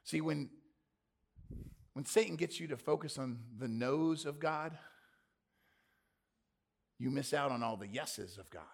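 A man pastor preaching a lively sermon to a live congregation, with punchy rhetorical questions and jokey asides. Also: medium pitch, unhurried, vocal fry, long pauses. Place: church before a congregation.

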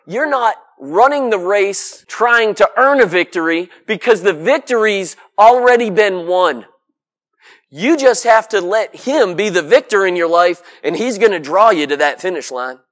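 A man's voice: sits high, a bit bright. A man preaching a sermon to a congregation in an emphatic, folksy way, piling up lists and asking rhetorical questions.

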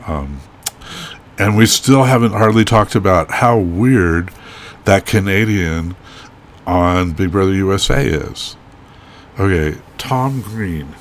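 A man's voice: sits low, expressive, slow pace, a little hiss or hum. A man co-hosting a podcast in casual chat, rambling and joking with many restarts. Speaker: podcast co-host.

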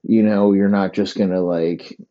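A man's voice: sits low, fairly even intonation, measured pace, muffled recording. A man hosting a solo comedy podcast, rambling and provocative, swearing constantly. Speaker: podcast host.

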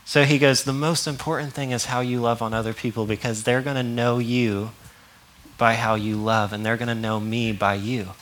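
A man's voice: mid-range voice, level tone, moderate pace, fairly bright tone, slight background noise. A young man preaching a sermon in a casual, conversational way, often laughing and acting out quotes. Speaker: pastor.

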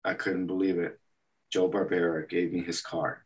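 A low-pitched man speaking at normal speed, picked up on a distant mic, tells interview stories as an animation artist from El Paso, Texas. He's an animated storyteller who plays out the quotes himself.

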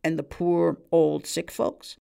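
A woman reader voices a nervous male barman from New York in a story. He talks high, earnest and excitable, with a gravelly edge. His speech is streetwise. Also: slow, heavily acted. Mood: eager.

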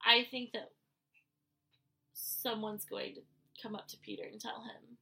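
A woman's voice: on the high side, flat delivery, unhurried, creaky, sharp tone, husky. A woman co-hosting a casual podcast, her voice sick, earnestly sharing opinions about a reality TV show. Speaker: podcast co-host.

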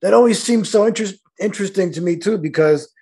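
A man hosting a podcast interview, enthusiastic and halting, often restarting his sentences. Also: high-pitched, mellow, slightly rough. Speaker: podcast host. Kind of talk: casual interview chat.

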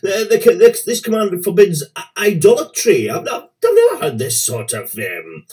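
A man's voice: high-pitched, big pitch swings, normal speed, a little mellow, far from the mic, soft background music. A man playing a pedantic reporter who stammers out fussy, quibbling questions.

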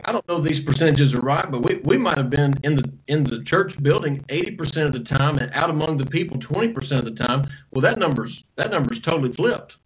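A man's voice: a little high, fast, few pauses, rough recording. Man, pastor, casual interview storytelling, self-deprecating. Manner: relaxed storyteller, quotes others, self-deprecating humor. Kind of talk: conversational interview answers.

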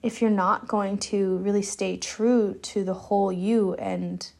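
A woman's voice: medium pitch, steady tone, measured pace, gravelly, darkish tone. A young adult woman, hosting a solo podcast in a loose, candid, rambling way with lots of "like". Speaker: podcast host.

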